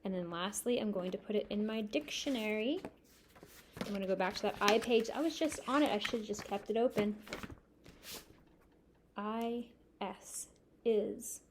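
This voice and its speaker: A woman's voice: mid-range voice, expressive, noisy background. A woman teacher recording a spelling lesson for young children, spelling words letter by letter and asking them to repeat after her. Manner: slow, clear spelling-out with call-and-repeat prompts.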